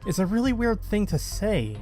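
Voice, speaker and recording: Measured man narrating over music. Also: high-pitched, big pitch swings, dark tone. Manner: measured, analytical. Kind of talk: scripted analytical narration.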